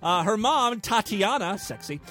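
Lively high-pitched male podcast host. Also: measured pace, faint music behind. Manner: irreverent, laughs often, mock voices for quotes. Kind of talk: crude comedic news commentary.

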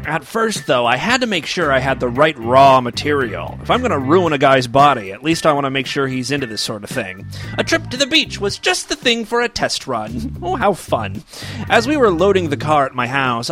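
A man's voice: a little high, fairly bright tone. A man doing a mock-dramatic comic reading of a story, with wry asides and tongue-in-cheek delivery. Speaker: comic reader of an erotic story.

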